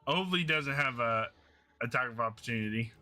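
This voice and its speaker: A man's voice: mid-range voice, quick pace, pushed and bright. A man playing a tabletop game, jokingly exasperated and sarcastic. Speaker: player. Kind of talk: casual tabletop game chat.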